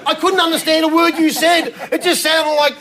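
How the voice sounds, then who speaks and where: A man telling lively comic stories about his partner on a panel show, acting out shouted lines. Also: very high voice, moderate pace, over a noisy crowd, very noisy. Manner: animated, acts out shouted lines. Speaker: comedian panelist. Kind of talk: stand-up style anecdotes on a panel show. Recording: studio audience laughter.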